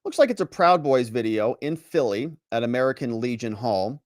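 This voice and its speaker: A man's voice: mid-range voice, expressive, moderate pace, darkish tone, no room sound, studio quality. A man, a lawyer and commentator, recounting trial testimony and acting out the witness and lawyers, with sarcastic asides. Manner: acts out witnesses and lawyers in quotes.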